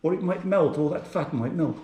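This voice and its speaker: Cooking vlogger from England, a chatty man with a slightly high voice, recorded in an echoey home kitchen. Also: a little fast, dark tone. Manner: chatty, talks to viewers while cooking. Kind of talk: casual cooking vlog. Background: frying and sizzling from the hob.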